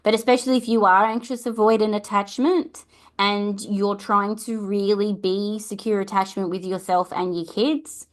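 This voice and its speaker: A woman's voice: mid-range voice, fairly even intonation, moderate pace. A middle-aged Australian woman hosting a parenting talk, chatty and earnest, often adding tag questions. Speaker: podcast host and parenting coach. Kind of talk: casual advice talk.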